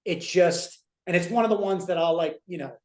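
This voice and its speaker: A man's voice: sits high, brisk. A man in his forties co-hosting a casual chat, rambling with many fillers as he retells scenes. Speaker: co-host. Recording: roomy echo.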